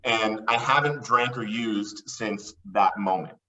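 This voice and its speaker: Excitable man telling his story, bright voice. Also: on the low side, slow pace, distant mic, lo-fi sound. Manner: excitable, acts out quoted voices. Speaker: podcast guest. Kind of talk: animated storytelling.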